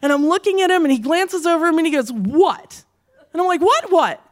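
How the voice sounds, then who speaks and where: A woman telling a comic personal story, profane and animated, acting out the quoted lines with shouts and laughing through the telling. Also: extremely high pitch, fairly quick.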